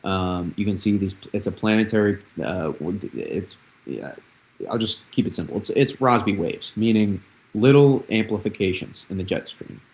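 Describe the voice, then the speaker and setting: A man's voice: on the low side, expressive, moderate pace, a little mellow, poor audio. A young man hosting a live weather analysis stream, explaining patterns with repeated phrases and frequent restarts. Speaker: weather forecaster, host.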